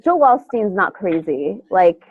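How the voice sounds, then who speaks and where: A woman's voice: medium pitch, big pitch swings, measured pace, dry recording. A woman with a nasal voice that sounds like she has a cold, chatting in a loose, rambling way. Her speech comes through a tinny, phone-like line, and the sound is dry and close. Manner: rambling, full of fillers and restarts. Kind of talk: casual chat.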